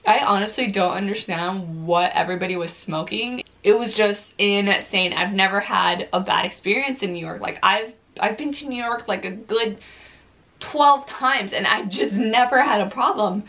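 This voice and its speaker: A young woman chats through a story while eating on camera, her voice sitting at an ordinary middle pitch. She talks loosely, fills her sentences with "like" and swears without a second thought. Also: normal speed, bright, forceful tone. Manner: chatty, swears freely, many fillers and "like"s. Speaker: vlogger.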